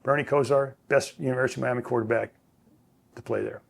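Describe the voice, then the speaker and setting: A man, a former quarterback, telling stories as an interview guest in a relaxed, rambling way with many fillers and restarts. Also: mid-range voice, fast, gravelly, slightly rough. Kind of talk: casual storytelling.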